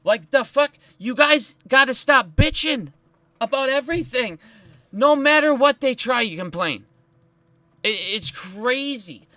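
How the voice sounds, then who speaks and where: A man's voice: extremely high pitch, animated, unhurried, pushed and bright, no echo. A man ranting heatedly on a live stream, profane and emphatic as he talks about stocks.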